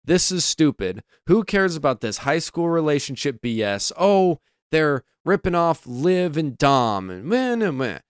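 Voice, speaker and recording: Man putting on a whiny, scoffing commenter, pitched up and bleating. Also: sing-song, a little slow, hardly any pauses, clear, resonant tone, no room sound, studio quality. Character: whiny dismissive male online commenter.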